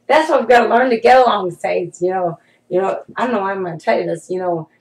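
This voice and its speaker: A woman's voice: medium pitch, fast talker, rough recording. A middle-aged woman giving an informal prophetic sermon, talking conversationally and emphatically to her followers, calling them saints.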